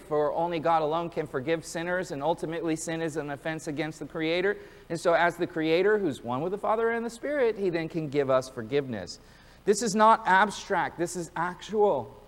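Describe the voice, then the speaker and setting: Man, pastor, sermon, earnest and animated, high voice, echoing hall. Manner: earnest, building to emphatic peaks; animated storytelling with acted-out quotes.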